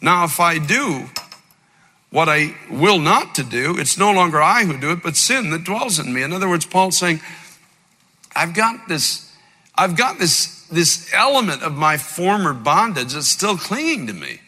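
A man preaching a sermon, impassioned, slowing and rising as he quotes scripture. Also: a little high, very animated, sharp tone. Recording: long hall reverb.

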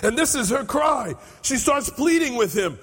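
Male pastor, sermon, husky tone, long hall reverb, repeats lines for emphasis. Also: very high voice, sing-song, moderate pace. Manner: repeats phrases, builds to shouts.

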